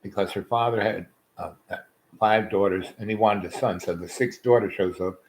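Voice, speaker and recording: Man, lowish voice, rambling anecdote with lots of fillers and asides. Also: normal speed, low-quality recording. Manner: loose, full of fillers and asides. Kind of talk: rambling personal storytelling.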